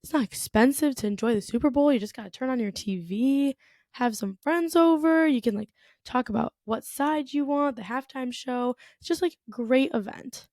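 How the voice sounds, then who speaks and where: A young woman from the United States chats through a solo podcast episode, her voice sitting a little high. She rambles in an easygoing way, dropping "like" and "you know" often, recorded close and dry with no room sound. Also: moderate pace, a little mellow, no room sound. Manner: chatty, lots of "like" and "you know". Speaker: podcast host. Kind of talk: casual solo podcast monologue.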